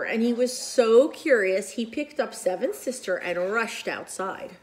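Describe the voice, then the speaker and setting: A woman reading a picture book aloud to children in an expressive, animated way with whispered asides. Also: fairly high pitch. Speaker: children's storyteller.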